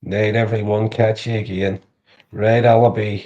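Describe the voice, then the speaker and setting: A man's voice: lowish voice, little pitch movement, normal speed, dark tone, muffled recording. A man chatting casually on a livestream, crude and joking, swearing freely. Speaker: livestream co-host. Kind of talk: casual live chat.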